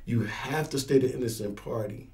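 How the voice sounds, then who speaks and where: A man's voice: medium pitch, normal speed, a little mellow. A man who teaches firearms classes and serves as a pastor, talking casually in an interview and acting out scenarios with quoted voices.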